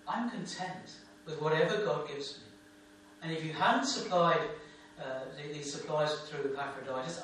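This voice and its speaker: A man's voice: high voice, fairly bright tone. A man preaching a sermon as a pastor, with an emphatic, repetitive cadence. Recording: echoey room, distant mic, faint hum.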